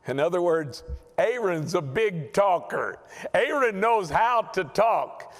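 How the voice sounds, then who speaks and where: A man delivering a Bible lesson in sermon style, emphatic and repeating words as he restarts his phrases. His voice sits a bit high and swings widely in pitch at an unhurried pace. A long reverb trails after him as in a large hall. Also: lively intonation, creaky. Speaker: Bible teacher.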